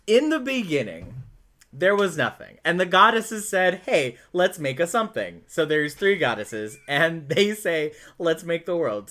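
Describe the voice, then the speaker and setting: A man's voice: medium pitch, pushed and bright. A man co-hosting a casual podcast, explaining lore with frequent laughs and fillers. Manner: giggly, storytelling, lots of fillers.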